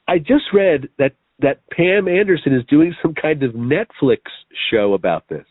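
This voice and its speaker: A man's voice: on the high side, animated, moderate pace, dry recording. Chatty man on a tinny call line. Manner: enthusiastic and chatty. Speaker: co-host of a review show. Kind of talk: casual chat. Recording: dry tinny phone-like line.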